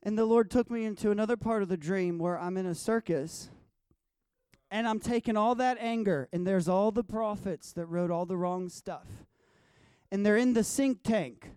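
High-voiced guy telling his vision stories, goes quiet then loud, dry close sound. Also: normal speed, clean tone, no room sound. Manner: animated, swinging from hushed to loud. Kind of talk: storytelling about dreams and visions.

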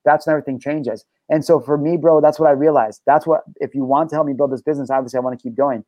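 A man's voice: on the high side, steady tone, quick pace, no room sound, muffled recording. A man hosting a talk show and coaching listeners in an intense, profane, preachy monologue. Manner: intense, swears freely, preachy. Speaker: podcast host and life coach.

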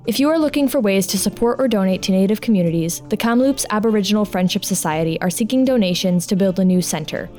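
A woman's voice: mid-range voice, fast, few pauses, a little mellow. A woman hosting a podcast, reading a lightly joking scripted outro and credits. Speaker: podcast host. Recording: faint music behind.

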